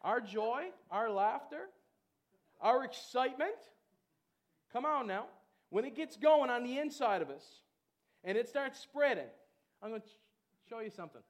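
A man with a strikingly high voice preaching a lively sermon. He talks in a loose, chatty way, full of fillers, and then breaks into exuberant shouted calls to his congregation. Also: unhurried, pauses often. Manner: chatty storytelling with many fillers. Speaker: pastor.

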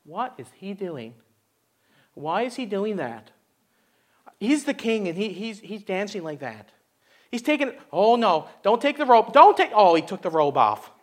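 A man's voice: high-pitched, big pitch swings, measured pace. A man playing a scandalized, fretting queen. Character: disgusted complaining queen, a grown woman.

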